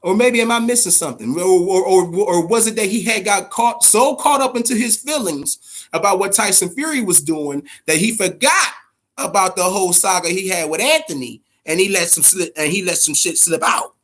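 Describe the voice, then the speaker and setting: A man with a fairly high speaking voice hosts a casual boxing podcast. He talks emphatically and curses freely, often stumbling over repeated words as he gets worked up. Now and then he answers his viewers' comments directly. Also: animated, normal speed, a bit bright. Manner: profane, emphatic, repeats words when fired up; addresses chat viewers directly. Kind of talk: casual live-stream commentary.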